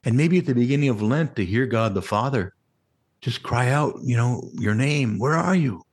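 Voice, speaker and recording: A man preaching a sermon as a Catholic priest, animated and conversational, with frequent rhetorical questions to the congregation. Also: medium pitch, moderate pace, slightly rough.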